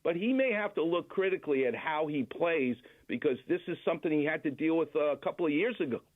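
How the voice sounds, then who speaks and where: A man's voice: fairly high pitch, lively intonation, fast. A man, a doctor guest, calling in and telling stories in casual chat over a phone line. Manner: storytelling, explanatory.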